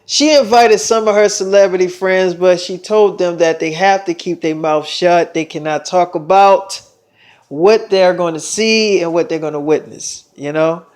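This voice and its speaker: A man's voice: sits high, unhurried. A young man telling a long personal story in a rambling, profane way, with lots of fillers. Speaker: vlogger. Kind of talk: casual storytelling monologue.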